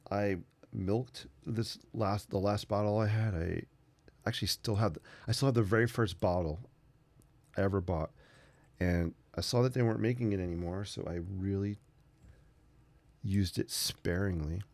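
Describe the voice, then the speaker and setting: A man with a deep, gravelly voice hosts a relaxed art livestream. He rambles easily while painting and chats with the people watching. His speech is loose and unhurried. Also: dry recording. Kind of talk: casual sketching livestream chat.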